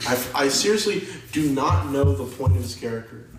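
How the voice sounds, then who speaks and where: A young man in casual podcast chat about movies, rambling and animated. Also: medium pitch, brisk. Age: young adult. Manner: rambling, animated, mocks actors' accents. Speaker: podcast co-host. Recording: echoey room, distant mic, faint noise.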